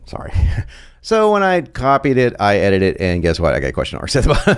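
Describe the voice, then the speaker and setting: A man's voice: sits low, wildly swooping pitch, fast. A middle-aged man giving a casual screen-share lesson on copywriting, laughing often and restarting his sentences. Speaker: copywriting teacher.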